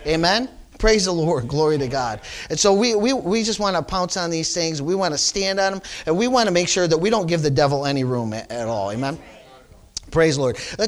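Man, pastor, sermon, high voice, middle-aged, emphatic repetition, frequent call-outs.

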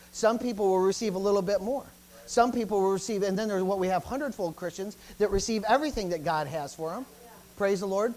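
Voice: mid-range voice, darkish tone. Emphatic preacher giving a sermon. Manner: emphatic, peppered with "praise the Lord" and "amen"; repeats phrases in driving runs.

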